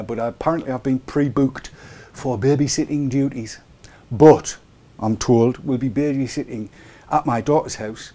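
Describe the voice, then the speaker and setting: A man's voice: medium pitch, mellow. A middle-aged man hosting a casual live webcast, joking and rambling with chuckling asides. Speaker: show host.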